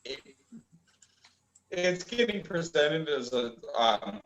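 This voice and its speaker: A young man co-hosting a casual review chat, rambling and halting with lots of fillers. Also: fairly high pitch, animated, a bit bright, highs cut off. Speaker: manga review co-host.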